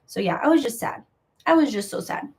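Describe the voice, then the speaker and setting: Young woman, live-stream host, frank and rambling, a bit high-pitched. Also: lively intonation, a little fast, darkish tone, a little hiss or hum. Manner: rambling, filler-heavy, with many likes; gossipy and frank. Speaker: crochet seller hosting a live sale. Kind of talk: casual live-stream chat.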